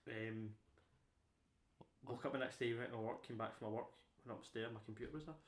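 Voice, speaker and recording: A young man co-hosting a podcast, telling stories in casual chat with lots of swearing and animated energy. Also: medium pitch, fairly quick, roomy sound. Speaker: podcast co-host.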